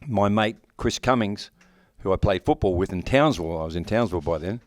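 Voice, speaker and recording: A man in his sixties with an Australian accent, a guest actor at a horror convention, gives a casual interview in a lowish, expressive voice at a brisk pace. He's blunt, jokes around, and swears plenty. The audio is studio quality with no room sound.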